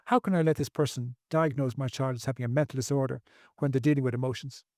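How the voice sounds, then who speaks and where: A man's voice: mid-range voice, steady tone, fast, darkish tone, dry recording, studio quality. A man speaking as a podcast guest, earnest and preachy, repeating phrases for emphasis. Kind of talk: podcast interview.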